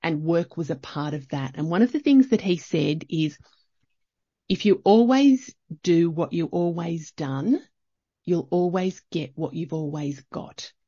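A woman's voice: fairly low pitch, a little slow, warm tone, husky, no echo, highs cut off. A middle-aged woman, talking reflectively in a chatty solo podcast, often restarting her sentences. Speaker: podcast host.

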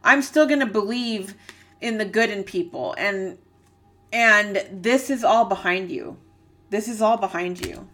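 A woman with a bright, clear-toned voice gives a channeled tarot reading. She rambles earnestly, hunting for the right words and leaning on fillers as her feelings rise. Her pitch sits in an ordinary middle range. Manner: rambling, searching for words, many "like"s; emotional, earnest. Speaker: psychic reader.

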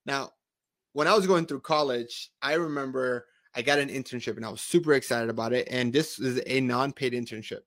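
A man's voice: medium pitch, fairly quick, fairly bright tone. A man hosting an interview, talking earnestly and often repeating words as he starts a thought. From Spanish-speaking country. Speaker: podcast host. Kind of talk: conversational interview.

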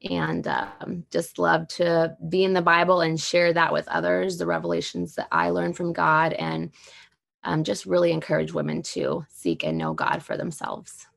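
A woman's voice: on the low side, normal speed, gravelly, a bit bright. A woman talking as a podcast guest in a casual group chat, earnest and devout.

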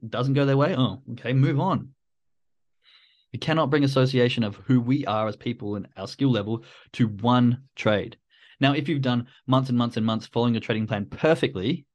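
A man giving a casual coaching talk on trading, acting out his own inner questions in a loose, conversational way. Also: medium pitch.

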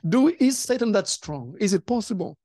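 A pastor recounts a testimony in conversation, voice leaping up as the story grows heated. Mid-pitched and lively, recorded close and dry. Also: moderate pace, no echo. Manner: animated storytelling, acting out quotes. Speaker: pastor and co-host.

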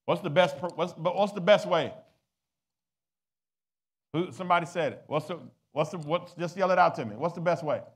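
High-voiced preaching man. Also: moderate pace, pauses often, husky. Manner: preaching, rising to loud exhortation, calling for responses. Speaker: pastor. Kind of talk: sermon with audience call-and-response.

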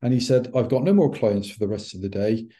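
A middle-aged man, a podcast guest, telling a personal story in an animated way and acting out the dialogue. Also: on the low side, a little fast. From United Kingdom. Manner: animated, acts out quoted dialogue. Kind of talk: anecdotal storytelling.

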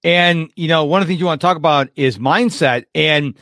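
A male podcast host makes his points emphatically. His voice is a little high. The sound is dry and close, with no room echo. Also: a little fast, fairly bright tone. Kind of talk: casual interview.

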